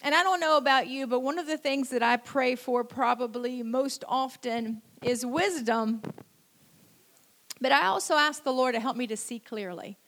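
High-voiced woman preaching a sermon. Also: fairly bright tone. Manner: conversational storytelling with frequent "you know"; repeats and slows key phrases for emphasis.

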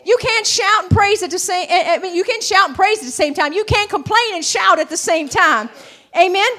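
Woman preacher, very high voice, builds to fervent shouts, hallelujah calls. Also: moderate pace, soft background music. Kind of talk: sermon.

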